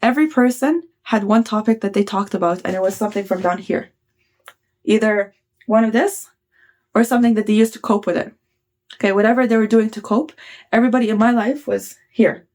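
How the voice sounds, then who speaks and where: A woman's voice: mid-range voice, fairly quick, darkish tone. A woman giving blunt, casual self-help advice to her viewers, swearing freely and checking in often with "okay?". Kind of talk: casual motivational talk.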